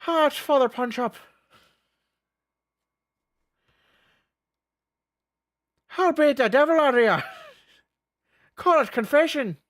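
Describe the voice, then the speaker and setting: A man's voice: extremely high pitch, animated, normal speed, pitched above the performer's own voice. A man putting on a rowdy mock-Irish priest. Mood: boisterous. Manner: loud, jeering, cartoonish brogue. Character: rowdy comic Irish priest, middle-aged man, brawling.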